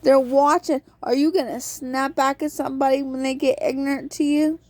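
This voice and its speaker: A woman's voice: high-pitched, level tone, a little fast, a little mellow, no room sound. A woman hosting a podcast, giving a casual devotional talk on a Bible book and acting out quotes in an earnest storytelling tone.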